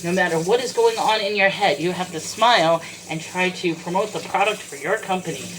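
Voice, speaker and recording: A woman's voice: lowish voice, fairly quick, a bit bright, slight background noise, rough recording. A woman venting in a personal vlog, holding back tears as she talks about her struggles, recorded in her kitchen while washing dishes. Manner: tearful, fighting back crying. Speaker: vlogger. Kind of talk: emotional personal vlog rant.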